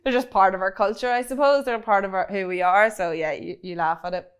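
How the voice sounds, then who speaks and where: Fast-talking Northern Irish woman. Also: mid-range voice, clear, resonant tone. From Northern Ireland, County Tyrone. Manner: quick-talking, laughs often, many fillers. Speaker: interview guest, cybersecurity expert. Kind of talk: casual interview chat.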